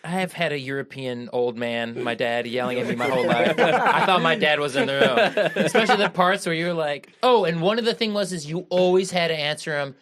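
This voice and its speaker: A man's voice: fairly high pitch, a little fast, hardly any pauses, fairly bright tone. A man on a podcast, rambling casually and filling his talk with "like". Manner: rambling, full of "like", swoopy inflection. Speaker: podcast guest. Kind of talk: casual chat.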